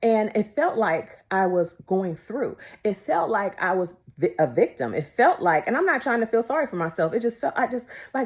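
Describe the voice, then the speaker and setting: A woman preaching a devotional sermon, emphatic and repetitive, moving between loud declarations and hushed whispers. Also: mid-range voice, big pitch swings, normal speed, hardly any pauses. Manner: repeats phrases for emphasis.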